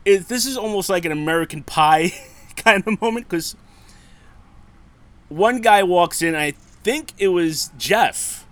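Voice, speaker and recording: A man's voice: sits high, a little slow, no room sound. A man in his thirties co-hosting a casual podcast, telling a story with lots of laughter, swearing and acted-out quotes. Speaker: podcast co-host.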